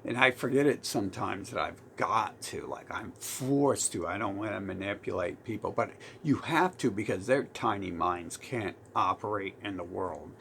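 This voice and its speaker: A man's voice: fairly low pitch, vocal fry, fairly bright tone, slight background noise. A man with a Southern US accent delivering a heated, profane, rambling monologue full of restarts. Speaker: vlogger.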